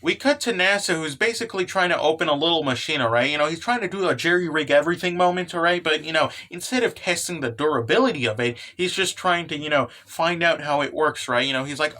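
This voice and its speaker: A young man casually recapping a comic, energetic and swearing, with lots of fillers. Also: fairly high pitch, brisk. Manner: energetic, swears, laughs, fillers like "you know" and "okay". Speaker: manga recap host.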